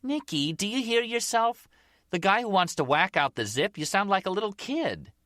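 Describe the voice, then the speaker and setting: Up in a high, darting voice, a man reads as a brash young mob girlfriend in an audiobook, gossipy and wheedling. The sound is dry and close. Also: animated, moderate pace, pushed and bright, no room sound.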